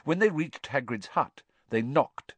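A man giving expressive, scripted storybook narration at a close mic. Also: mid-range voice, unhurried, slightly rough, no room sound. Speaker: audiobook narrator.

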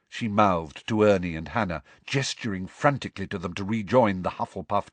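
A man's voice: low-pitched, moderate pace, hardly any pauses, no echo. A man narrating a storybook expressively as an audiobook reader. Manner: expressive storytelling that shifts voice for each character. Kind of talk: scripted narration.

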